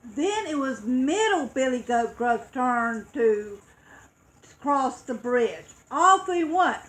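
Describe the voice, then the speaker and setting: A woman reading a children's story aloud, expressive and acting out dramatic sound effects. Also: high-pitched, takes it slowly, poor audio.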